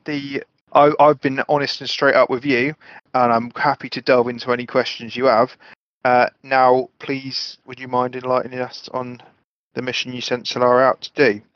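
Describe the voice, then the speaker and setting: Earnest player on a dull mic. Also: male voice, medium pitch, little pitch movement, moderate pace, no room sound. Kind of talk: playing a character in a tabletop game.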